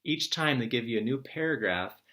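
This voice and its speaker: A male teacher giving his students a recorded morning message, relaxed and encouraging, explaining things step by step. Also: mid-range voice, normal speed.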